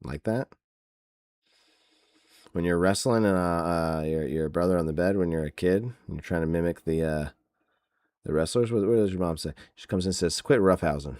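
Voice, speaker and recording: A man's voice: sits low, normal speed, long pauses, warm tone, dry recording. A man hosting a wrestling podcast, ranting sarcastically in casual chat with many fillers. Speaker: podcast host.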